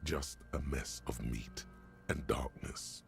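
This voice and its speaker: A brooding, all-seeing game narrator with a very deep, gravelly voice. He narrates in a slow, deliberate, dark second-person style. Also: over music, heavily acted. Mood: grim. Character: grim, omniscient male game narrator.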